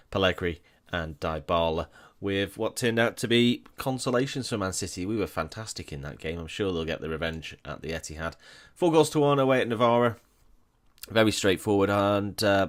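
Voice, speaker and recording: A man talking through a football management game in a casual, chatty way, with wry asides and frequent self-corrections. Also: sits low. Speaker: gaming YouTuber.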